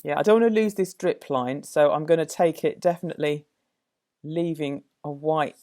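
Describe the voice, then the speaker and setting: A woman's voice: deep voice, normal speed, mellow. Thoughtful woman painting. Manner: thoughtful, musing, full of fillers and self-corrections. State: slightly out of breath at times. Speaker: art teacher. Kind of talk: casual painting demonstration.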